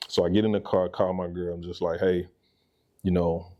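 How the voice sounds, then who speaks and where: A man in his thirties with a Southern US accent, telling his life story in a relaxed interview and animatedly acting out the people in it. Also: low-pitched, normal speed, lo-fi sound. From Mississippi. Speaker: guest, real estate agent.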